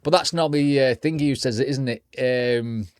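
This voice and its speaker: A man's voice: mid-range voice, a little fast, dry recording, studio quality. A man hosting a reaction video, chatting casually and rambling while he hunts for names.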